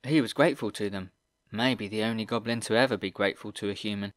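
A man's voice: fairly low pitch, fast talker, no echo, clean studio sound, natural voice. A man voicing a cheerful, easygoing teenage boy soldier in an audiobook reading. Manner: easy, chatty, cheerful.

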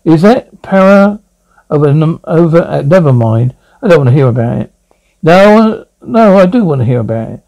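A man's voice: fairly high pitch, expressive, gravelly, darkish tone, rough recording. A man voicing a chatty, wisecracking young male lawyer friend in an amateur audio drama. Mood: teasing. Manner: wisecracking, rapid teasing.

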